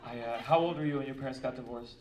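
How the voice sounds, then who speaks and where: A man's voice: mid-range voice, rapid-fire, far from the mic, very noisy. A male stand-up comedian doing crowd work, teasing and profane, laughing as he talks. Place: comedy club stage. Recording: echoey club, audience laughter.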